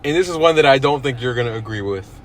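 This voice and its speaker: A man's voice: mid-range voice, expressive, fast talker, a little hiss or hum. A young man co-hosting a podcast in casual chat, agreeable and stressing words for emphasis. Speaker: podcast co-host.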